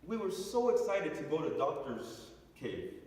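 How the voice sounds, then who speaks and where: A middle-aged man speaking at a spiritual center, telling a personal story to an audience in an animated way with frequent restarts. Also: fairly high pitch, a little slow. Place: large hall with long reverb. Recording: echoey hall, voice from far off.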